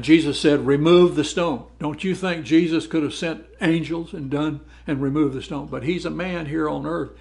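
A man teaching a Bible study lesson, reading verses aloud and explaining them in a conversational way, often repeating words as he goes. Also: a little high. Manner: reads verses aloud then comments.

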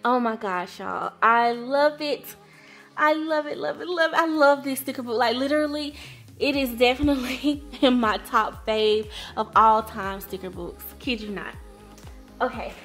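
High-pitched young woman gushing over an unboxing, keeps repeating herself, soft music underneath. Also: a little slow. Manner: gushing, repeats words, says y'all a lot. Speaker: planner vlogger. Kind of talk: excited unboxing chat.

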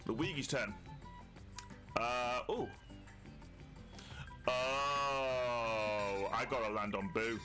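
A man's voice: mid-range voice, animated, unhurried, long pauses, music in the background. A man casually commentating a game he is playing on stream, joking, swearing and laughing often. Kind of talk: casual let's play commentary.

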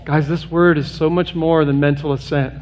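Within a church sanctuary, a pastor with a slightly mellow voice and little pitch movement addresses his congregation at a moderate pace. He is earnest and direct, pairing plain humor with a rising appeal that grows urgent in pitch and intensity.

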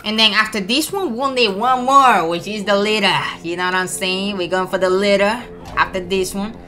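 A woman hosting a gaming channel, giving excitable, slangy, trash-talking let's play commentary and taunting enemies. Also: mid-range voice, normal speed. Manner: slangy, swears often. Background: game music.

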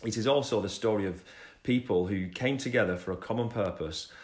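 A man with a fairly low, slightly mellow voice speaks briskly as he shares his Christian testimony on a casual livestream from home. He rambles, breaks off his own sentences, and sometimes reads scripture aloud, all in an echoey room.

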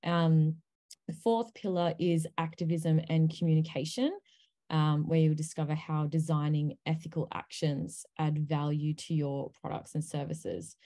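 A woman's voice: sits low, measured pace. A woman on an online panel, presenting a course pillar by pillar with many ums. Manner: many ums, steady explaining pace.

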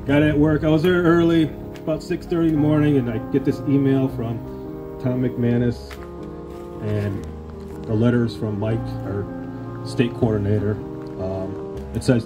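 A man's voice: mid-range voice, steady tone, normal speed, pauses often, over music. A man telling a rambling, self-deprecating story in an acceptance speech at a hall of fame induction. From Illinois.

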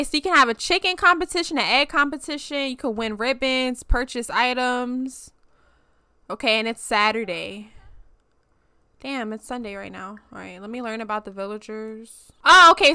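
A young woman hosting a gaming channel plays a life-sim game, keeping up chatty, animated let's-play commentary full of playful slang and frequent laughter. Her slightly high voice is clear and resonant, with no echo.

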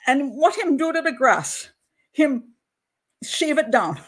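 A woman's voice: sits high, very animated, slow pace, pitched above the performer's own voice, exaggerated voice. A woman putting on a Jamaican storyteller lady. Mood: storytelling. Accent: put-on Jamaican. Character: chatty Jamaican woman telling a yard story.

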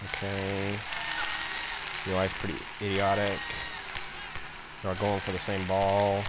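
A man commenting on his video game as he plays, excitable, yelling and complaining at the game. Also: sits low, slow, a loud crowd, low-quality recording. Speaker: let's play gamer. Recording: game music loud behind voice. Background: game music.

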